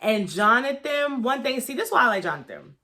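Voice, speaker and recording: A woman's voice: fairly high pitch, very animated, brisk, bright, forceful tone. A woman giving a candid, gossipy review of a reality show in a casual vlog, talking with lots of fillers and profanity.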